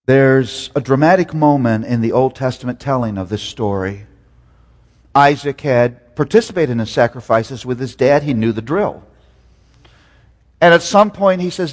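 A man preaching a sermon, swinging between loud emphatic peaks and hushed low lines. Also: lively intonation, unhurried, in a large hall.

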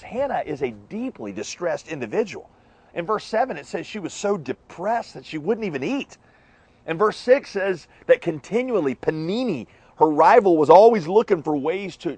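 A man's voice: fairly high pitch, husky. A man preaching a sermon as a pastor, conversational and full of joking asides.

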